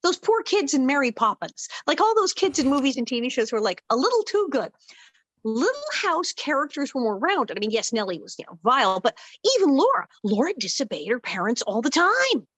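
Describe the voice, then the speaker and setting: A middle-aged woman telling stories as a guest in a casual interview, animated and acting out the voices she quotes. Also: high voice, a little fast, no echo, low-quality recording. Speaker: guest actress.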